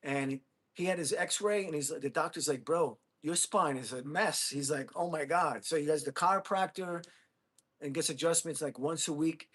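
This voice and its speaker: A man in his fifties chats loosely on a livestream, drifting from one thought to the next and calling his viewers buddy and bro. His voice sits a little high for a man, and he talks in a relaxed, friendly way. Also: moderate pace. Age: 50s. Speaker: livestream host. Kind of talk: casual livestream chat with viewers.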